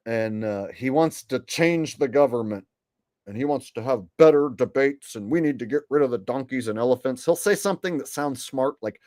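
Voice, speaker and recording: A man's voice: mid-range voice, normal speed, darkish tone, no echo. A man hosting a commentary video, talking in a crude, sarcastic, profane way. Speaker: commentary host. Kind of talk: mocking commentary.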